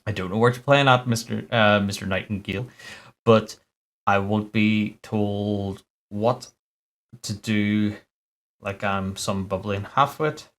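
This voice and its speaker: A man reading aloud as a gruff, proud man who takes offence easily, in a curt, indignant manner. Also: fairly low pitch, fairly even intonation, takes it slowly, fairly bright tone.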